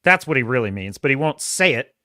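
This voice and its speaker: A man's voice: mid-range voice, big pitch swings, brisk, bright, forceful tone, a little hiss or hum. A man hosting a podcast, reacting to video clips with sarcastic, exasperated ranting and frequent laughter.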